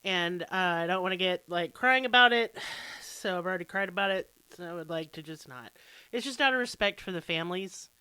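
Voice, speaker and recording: An American woman hosts a true crime podcast with a bright, forceful voice. She talks casually and irreverently, pokes fun at herself, and swears now and then. The sound is close and dry. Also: lowish voice, fairly quick, clear, resonant tone, no room sound. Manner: casual, irreverent, self-deprecating, occasional swearing. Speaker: podcast host.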